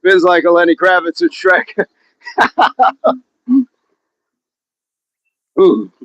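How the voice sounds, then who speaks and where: A man's voice: sits high, animated, drawn-out words, fairly bright tone, muffled recording, a little hiss or hum. A man hosting a live workout stream outdoors, counting reps aloud and joking with the chat. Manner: jokey, laughs often, counts reps aloud. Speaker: fitness livestream host.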